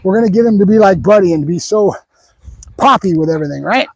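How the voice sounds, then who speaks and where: A man training a dog, explaining his method out loud while praising the dog. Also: high-pitched, lively intonation, quick pace, dry recording.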